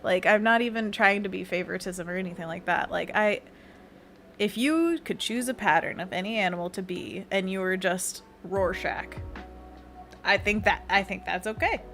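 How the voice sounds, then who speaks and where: A woman's voice: mid-range voice, moderate pace, a bit bright. A woman hosting an art livestream, chatting casually and giggling while she draws and answers her chat. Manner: bubbly, giggly, chatty, reads chat aloud. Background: faint background music.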